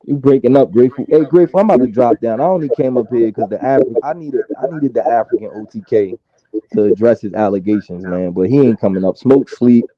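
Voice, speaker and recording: A man's voice: mid-range voice, fast, no room sound. A man mocks and needles others in a heated live-stream argument. He comes through a tinny, phone-like line, and the sound is dry and close. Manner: taunting, talks over others.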